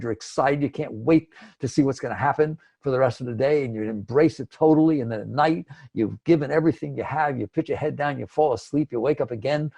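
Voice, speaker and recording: A man's voice: mid-range voice, creaky, dark tone. An older man giving a conversational spiritual talk, acting out inner voices as he speaks. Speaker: spiritual teacher.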